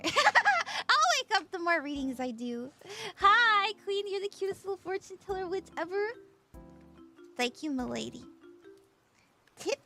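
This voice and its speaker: A woman hosts a casual tarot livestream just after waking up, bubbly and quick to giggle as she greets her chat. Her voice sits very high and swoops around a lot, with a bright edge. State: just woke up.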